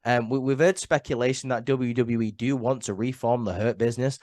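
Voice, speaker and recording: An under-the-weather man sniffles his way through a rambling, opinionated solo review, stumbling over repeated words and leaning on "um" and "like." His voice sits at an ordinary middle pitch. The sound is dry, with no room around it. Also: steady tone, brisk, a little mellow, no room sound. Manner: chatty and opinionated, many "um" and "like" fillers, repeats words. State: ill, sniffling. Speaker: wrestling show reviewer.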